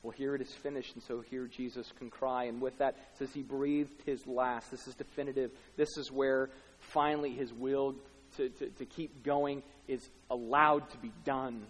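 A man preaching a sermon, swinging dramatically between hushed, quiet passages and loud, shouted peaks. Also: medium pitch, steady tone, normal speed, slightly rough. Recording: long hall reverb.

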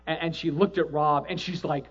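A man with a notably high voice preaches to his church, telling a personal story in a sermon. He drops to a hushed, slow delivery for the sad parts and rises to loud, excited exclaiming for the happy ones. The recording is dull and lo-fi. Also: breathy edge. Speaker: pastor.

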